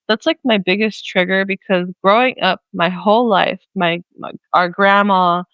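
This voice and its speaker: A young woman talks casually on a podcast, chatty and loose, stringing thoughts together with plenty of fillers. Her voice is smooth and clear in a dry, close space. The sound is a little dull and lo-fi. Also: medium pitch, fairly even intonation, moderate pace, no echo. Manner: chatty, many fillers, acts out quoted voices. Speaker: podcast co-host. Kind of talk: casual chat.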